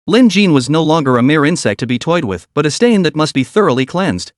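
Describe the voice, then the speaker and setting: A man narrating a story in a steady, dramatic storytelling manner. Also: a little high, a little fast, no echo, studio quality.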